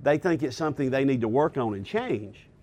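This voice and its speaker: A man teaching a Bible lesson in a sermon style, pausing with fillers and checking in with his listeners. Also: medium pitch, expressive, a little mellow. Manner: deliberate, with filler pauses and rhetorical "okay?". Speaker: pastor teaching a class.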